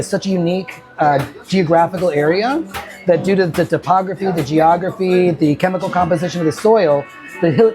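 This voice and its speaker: A man's voice: high voice, darkish tone. A man from New Mexico, a restaurant owner, giving an enthusiastic casual tour of his kitchen and telling stories. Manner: enthusiastic storyteller, acts out quoted customers. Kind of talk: casual behind-the-scenes tour.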